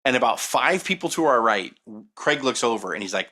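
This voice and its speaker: A man co-hosting a podcast, telling long casual anecdotes with lots of fillers and animated retellings of what others said. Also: medium pitch, fairly quick. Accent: Southern Californian. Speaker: podcast co-host. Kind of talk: casual storytelling.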